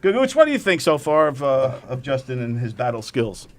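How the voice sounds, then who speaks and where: A man's voice: medium pitch, sing-song, a little fast. A man hosting a comedy radio show segment, upbeat and laughing as he announces the rounds. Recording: loud noise and clicks in background.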